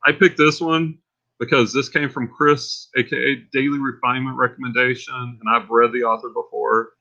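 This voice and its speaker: Over dull audio, a gravelly, mid-range male voice with a Texan accent moves at a moderate pace. He's hosting a laid-back livestream, rambling excitably and getting fired up.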